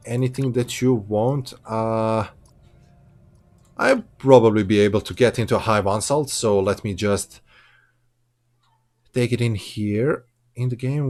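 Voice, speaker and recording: A man's voice: mid-range voice, darkish tone. A man giving casual, chatty commentary while streaming a space game from a hot room at home, laughing easily and correcting himself. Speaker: gameplay streamer.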